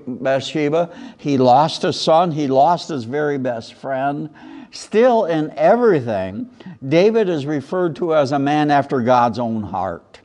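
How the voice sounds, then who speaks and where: A male pastor with a medium-pitched voice delivers a sermon with lively emphasis, reciting and chanting lines of scripture.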